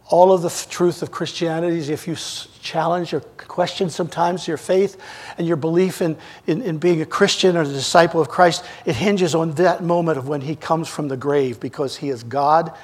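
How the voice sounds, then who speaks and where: A man preaching a sermon, retelling scripture scenes as stories and swinging between loud and soft. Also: on the high side, slightly rough. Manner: storytelling, acting out scripture scenes with big swings in loudness.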